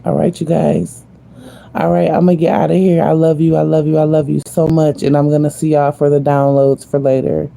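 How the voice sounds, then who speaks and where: A woman vlogger talks casually and earnestly to her viewers, addressing them directly and repeating phrases for emphasis in a slangy, spiritual way. Her voice sits low with little pitch movement, brisk and mellow with some vocal fry.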